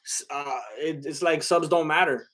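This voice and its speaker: A young man chats loosely on a livestream, his voice sitting a little high for a man. He rambles and hesitates, trailing off into fillers and starting his sentences over. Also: steady tone, moderate pace, fairly bright tone. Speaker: livestream host reading chat. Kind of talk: casual livestream chat.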